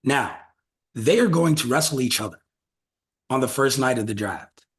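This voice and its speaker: A man hosting a casual podcast, talking loosely and profanely as he brainstorms out loud. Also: medium pitch, lively intonation, normal speed. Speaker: podcast host.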